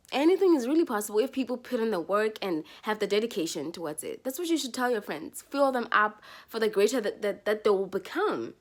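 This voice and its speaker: Young woman, lively sing-song voice, hypes people up then drops low, lots of likes. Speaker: vlogger. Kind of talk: casual advice talk to camera.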